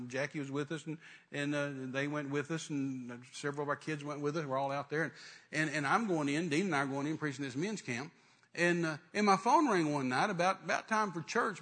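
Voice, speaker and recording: A man's voice: on the high side, a bit bright. A middle-aged male preacher telling a story in a sermon, fervent and full of restarts and trailing "and, uh" fillers.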